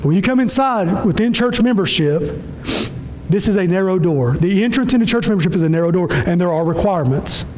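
A man with a high voice preaches a sermon, pressing his point through repetition and sudden swings between hushed low phrases and raised, pleading ones. A faint rumble sits under the recording. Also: lively intonation, brisk, poor audio. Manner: impassioned, repetitive preaching with sudden drops and rises in pitch. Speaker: pastor.

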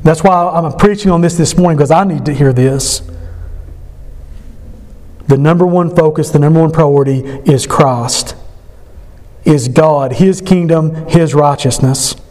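A man preaching a sermon as pastor at a church service, impassioned, his voice climbing high when he stresses a point. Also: unhurried, long pauses, darkish tone.

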